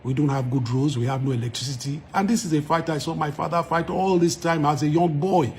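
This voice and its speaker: Speaking straight to camera for his followers, a Nigerian-accented musician argues emphatically and repeats points for force. His voice is a little high and steady in tone, fairly quick and somewhat dark, with a faint hiss or hum in the recording.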